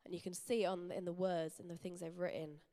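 A woman's voice: lowish voice, flat delivery, fairly quick, mellow. A young woman giving a sermon in an earnest, personal, conversational way. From England. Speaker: church speaker. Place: church hall.

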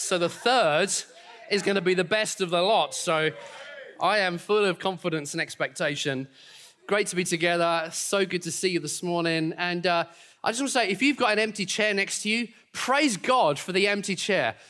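In a church auditorium, a pastor with a high-pitched, fairly bright voice delivers an upbeat, confident sermon to his congregation, dropping in friendly asides.

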